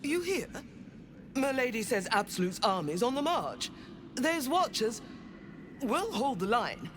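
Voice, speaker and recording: A woman's voice: fairly high pitch, sing-song, a little slow. An actress playing a brash, gossiping female guard in game dialogue. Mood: boastful. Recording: game audio, far off with background noise.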